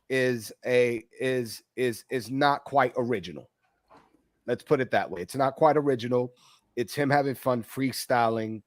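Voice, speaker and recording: A man's voice: mid-range voice, no room sound. A man hosting a live music review show, talking casually with many restarts and laughs. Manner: halting, restarts often, laughs between thoughts. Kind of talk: casual live reaction talk.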